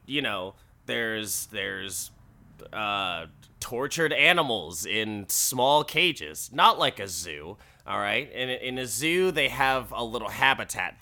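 A man's voice: medium pitch, sharp tone. A man casually and crudely recapping a story, rambling and laughing at his own jokes. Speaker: podcast host recapping an episode.

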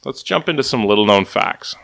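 Forceful low-voiced man hosting a chat. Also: a little fast, creaky. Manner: relaxed, retells scenes with many "like"s. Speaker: podcast host. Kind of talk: casual movie discussion.

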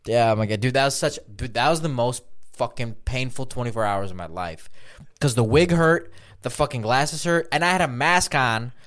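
A man at a mid, ordinary pitch tells rambling anecdotes in casual podcast chat. His stories are loose, full of restarts and swearing. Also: moderate pace, fairly bright tone. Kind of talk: casual storytelling.

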